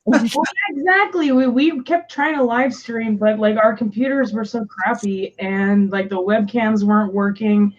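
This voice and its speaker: A woman's voice: a little high, steady tone, normal speed, muffled recording. A woman co-hosting a live stream, chatting casually, laughing often and telling stories. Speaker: stream co-host.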